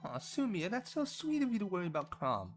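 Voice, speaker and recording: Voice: medium pitch, wildly swooping pitch, a little fast, soft background music. A performer voicing a cheerful young woman cleric who teases her friends. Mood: sweet. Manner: bubbly, teasing.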